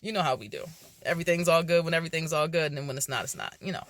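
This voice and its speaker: A woman vlogger telling a personal faith story in casual, animated speech, acting out her own reactions. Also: sits low, racing, a little hiss or hum.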